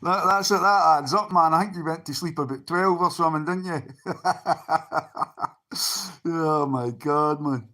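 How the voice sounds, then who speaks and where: A man's voice: fairly high pitch, measured pace, long pauses, sharp tone. A Scottish man on a livestream, talking bluntly and swearing often as he answers people in his chat.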